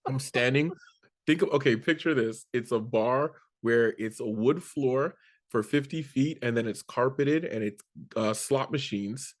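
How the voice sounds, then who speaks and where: Canadian comic, male, mid-pitched, guest on a chat show, storyteller who acts out every character. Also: a little slow. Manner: animated, acts out quoted voices, swears casually. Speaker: guest comedian. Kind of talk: storytelling in casual interview.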